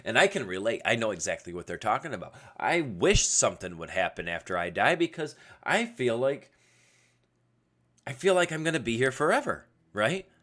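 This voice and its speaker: A man's voice: mid-range voice, sing-song, normal speed, fairly bright tone. A man hosting a casual solo livestream podcast at his computer webcam, rambling and going off on tangents. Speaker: podcast host. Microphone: webcam setup at a computer.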